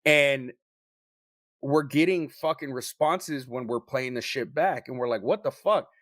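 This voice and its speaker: Man, podcast co-host, mid-pitched, swears freely, telling a story with lively energy, dry sound. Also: unhurried, dry recording. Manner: profane, animated storyteller.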